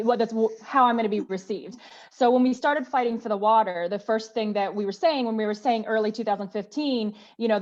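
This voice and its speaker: A woman's voice: mid-range voice, dull audio. A middle-aged woman from the southern United States speaking on a panel, telling stories emphatically and acting out what others said to her. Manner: emphatic, animated storytelling with quoted voices. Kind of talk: panel discussion.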